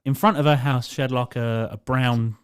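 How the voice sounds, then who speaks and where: A man's voice: mid-range voice, fairly even intonation, moderate pace, smooth. A young man, co-hosting a podcast, telling a funny story and laughing through it, swearing freely. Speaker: podcast co-host. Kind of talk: casual storytelling.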